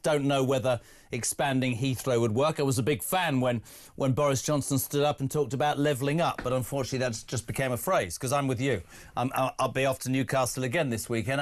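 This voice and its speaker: A man hosting a talk radio drive show, bantering and teasing his guests and callers. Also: medium pitch. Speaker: host.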